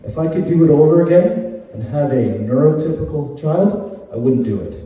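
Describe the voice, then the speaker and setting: A man's voice: a little high, animated, normal speed, heavy reverb, long reverb tail, far from the mic, lo-fi sound. A man from Canada in his thirties doing a conversational stand-up comedy set, often tagging his lines with "right?". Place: comedy club stage.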